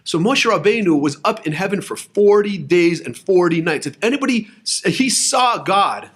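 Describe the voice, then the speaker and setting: A man's voice: high-pitched, animated, moderate pace, a bit bright. A young man speaking casually, urging listeners to move to Israel and telling stories with voiced quotes and frequent restarts. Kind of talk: casual spoken talk. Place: lives in Israel.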